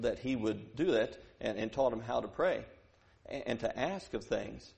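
A man preaching a sermon who moves from quiet verse-by-verse teaching to loud, emphatic preaching, repeating phrases for emphasis. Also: medium pitch, vocal fry.

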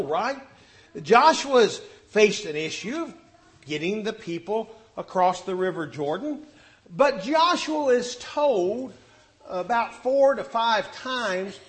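A man preaching a sermon, telling Bible stories and acting out the quotes. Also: very high-pitched. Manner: animated, acts out scripture quotes.

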